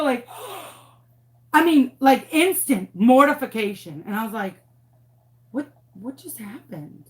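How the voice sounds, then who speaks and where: A woman in her thirties, a former teacher telling a dramatic story casually during a craft tutorial. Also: a little high. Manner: animated, dramatic, acts out what people said.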